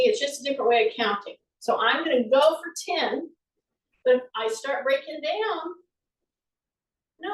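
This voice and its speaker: A woman with a high voice talks through a workout, chatty and encouraging as she demonstrates each move. She sounds a little away from the mic in an echoey room. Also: recorded from a distance. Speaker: fitness instructor. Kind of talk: live exercise class instruction.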